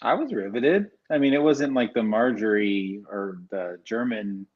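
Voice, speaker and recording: A man's voice: lowish voice, unhurried, few pauses, muffled recording. A man co-hosting a podcast in casual chat, joking and sarcastic. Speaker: podcast co-host.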